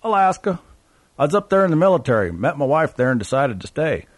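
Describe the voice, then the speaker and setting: A man's voice: a little high, very animated, quick pace, no echo, voice pushed up. A man voicing a restless young male truck driver who talks in a slangy, grumbling way.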